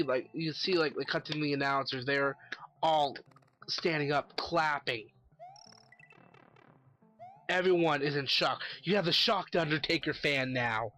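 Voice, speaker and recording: A man's voice: on the high side, pushed and bright. A man giving a casual solo commentary, ranting animatedly and swearing constantly. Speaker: wrestling commentary vlogger.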